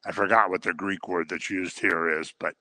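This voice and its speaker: A man's voice: low-pitched, steady tone, moderate pace, bright, forceful tone, no echo. A man teaching the Bible in a conversational way, telling the stories and acting out the people he quotes. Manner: informal, with fillers and restarts. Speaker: preacher.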